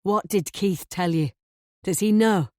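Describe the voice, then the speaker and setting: A woman's voice: mid-range voice, unhurried, a little mellow, no echo, studio quality, lightly acted. A woman voicing a menacing middle-aged man, a cornered killer who sneers and snarls his threats. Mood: frantic anger.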